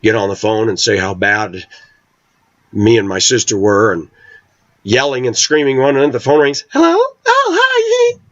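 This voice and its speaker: A middle-aged man speaks in a lowish voice, pressing every point with intense, emphatic force. The recording is dull and lo-fi, close and dry with no room echo. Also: fairly even intonation, moderate pace, long pauses. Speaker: vlogger. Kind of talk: opinionated monologue.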